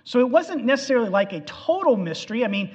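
A man preaching a sermon, animated and acting out the quotes, in an echoey hall on a dull, lo-fi recording. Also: very high-pitched, fast.

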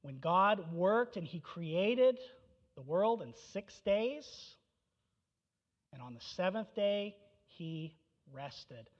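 A man's voice: high voice, animated, drawn-out words. A man pastor preaching a sermon, asking rhetorical questions and citing scripture verses, on a dull lo-fi recording.

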